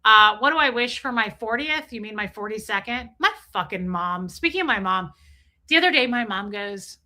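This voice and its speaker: A woman's voice: fairly high pitch, moderate pace. A woman in her forties hosting a live stream, chatting casually and crudely while reading viewer comments aloud. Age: 40s. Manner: crude, joking, animated, reads chat aloud. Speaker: livestream host reading chat.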